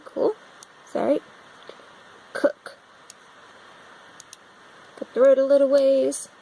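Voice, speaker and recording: A phone propped against a laptop records a young American woman casually vlogging as she browses a map, thinking aloud and puzzling over things. Her voice sits high and sounds a little mellow, and the recording is low quality.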